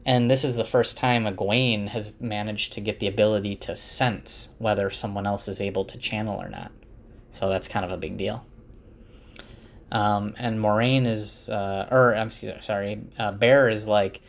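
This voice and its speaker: A man's voice: fairly low pitch, fairly even intonation, moderate pace. A man casually retelling a fantasy novel chapter by chapter, loosely acting out the characters' lines. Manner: laughs at funny moments. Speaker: book summarizer.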